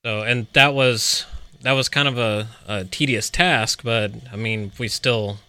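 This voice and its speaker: A man speaking as a guest in a radio studio, in a hesitant, halting way. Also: medium pitch, bright, forceful tone, clear, resonant tone, no echo.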